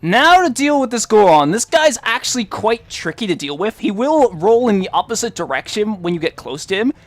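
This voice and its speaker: A man's voice: sits high, sing-song, moderate pace, dry recording. A man hosting a let's play, giving joking, chatty commentary over his gameplay.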